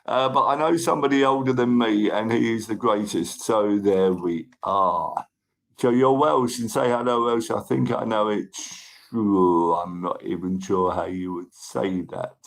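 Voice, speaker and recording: This livestream host has a gravelly voice on the low side and talks at a measured pace. He casually reads viewer comments and thanks people by name, coughing now and then from a tickle in his throat, over rough audio.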